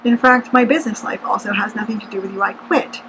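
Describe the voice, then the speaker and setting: A woman's voice: medium pitch, fairly even intonation, quick pace, over music, lightly acted, low-quality recording. A woman quoting a flustered single mum. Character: stressed young single mother. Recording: loud air-conditioner hum behind.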